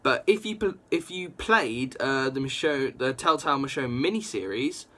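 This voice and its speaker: In a medium-pitched voice, a young man walks through a comic book issue, rambling casually and excitedly with lots of "like" and fast reactions.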